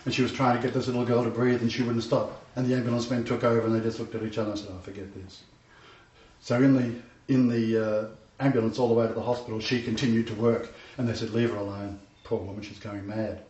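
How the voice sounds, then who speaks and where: A man preaches a sermon, telling stories earnestly and repeating key phrases for emphasis. His medium-pitched, darkish voice moves quickly with little pitch variation, captured by a distant mic in an echoey room with dull, lo-fi sound.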